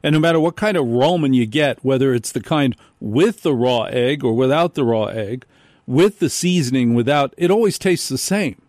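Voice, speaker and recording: A man hosting a radio show, telling a comic story in an animated way and acting out the people in it. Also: medium pitch, normal speed, no room sound, studio quality. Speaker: radio host. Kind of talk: comedic radio monologue.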